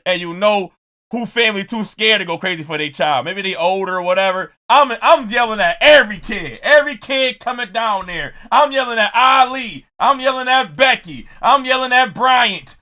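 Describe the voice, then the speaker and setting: A man with a high, bright voice on a casual live stream. He greets viewers by name and tells a story in a loud, animated way, and he often breaks into shouts. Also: normal speed.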